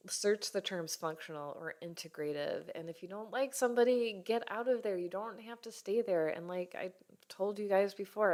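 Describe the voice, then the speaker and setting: Frank, heartfelt woman with a low voice. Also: a little mellow. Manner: frank and heartfelt, swears casually, acts out others' lines. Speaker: podcast host, functional medicine doctor. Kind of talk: candid solo podcast talk.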